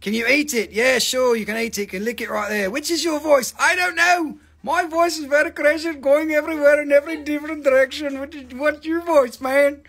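A middle-aged man with a Southern American accent, hosting a live rock sale in an excitable, rambling, foul-mouthed way. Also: extremely high pitch, fairly quick, hardly any pauses. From Southern United States. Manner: excitable, rambling, swears a lot. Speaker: host selling rocks. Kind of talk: live sales stream chat.

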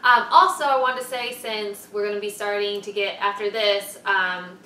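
Woman, casual reaction co-host, bright tone, chatty, lots of fillers, echoey room, distant mic. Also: medium pitch, little pitch movement, moderate pace, slight background noise. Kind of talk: casual chat.

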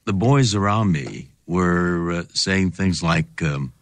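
A man in a played clip, recounting a memory in halting, hesitant speech. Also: low voice, lively intonation, no echo. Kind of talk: recorded interview clip.

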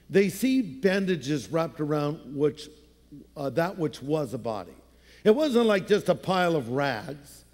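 A man's voice: sits high, big-room sound. A man preaching a sermon as a pastor, talking in a conversational, storytelling way and dropping into playful voices.

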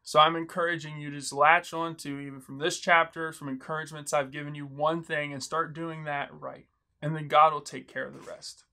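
Young man, earnest teacher, bright forceful voice, slightly high. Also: little pitch movement, fairly quick, gravelly. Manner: earnest, encouraging, quotes the author often. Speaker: Bible study teacher. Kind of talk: video book overview, teaching.

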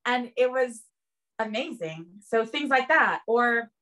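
A woman's voice: fairly high pitch, slow pace. A woman in casual conversation, earnestly telling a parenting story with lots of "like" and "um". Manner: earnest, animated storytelling with many "like" and "um". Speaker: guest sharing parenting experience.

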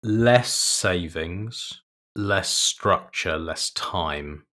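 A man's voice: sits low, very slow, pushed and bright. A man co-hosting a podcast, talking in a blunt, profane, opinionated way in casual chat. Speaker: podcast co-host.

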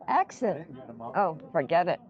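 Older woman, amused and slow, busy pub crowd behind, lo-fi sound. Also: lowish voice, lively intonation. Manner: amused, good-natured. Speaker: vlogger's mother. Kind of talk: casual chat.

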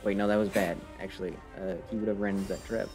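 A man's voice: deep voice, fairly even intonation, fast talker. A man giving casual, playful commentary while streaming a game, teasing the characters on screen and joking at his own expense. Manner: playful, self-mocking, talks to game characters. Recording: game music playing behind.

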